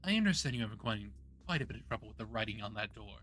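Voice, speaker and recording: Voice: mid-range voice, animated, fast, a bit bright, slight background noise, lightly acted. A game streamer voicing a polite, old-fashioned male zombie mastermind while reading a visual novel aloud. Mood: courtly.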